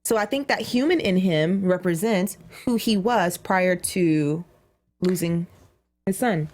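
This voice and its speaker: A woman co-hosting a casual TV recap chat, thinking out loud and raising questions. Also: on the low side, unhurried. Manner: thoughtful, questioning. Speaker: co-host.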